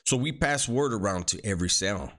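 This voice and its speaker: Ex-con storyteller, middle-aged man, deep voice, slangy and repetitive. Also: expressive, fairly quick, a bit bright. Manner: street slang, repeats words, acts out quoted dialogue. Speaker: former prisoner telling his story. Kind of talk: casual spoken storytelling.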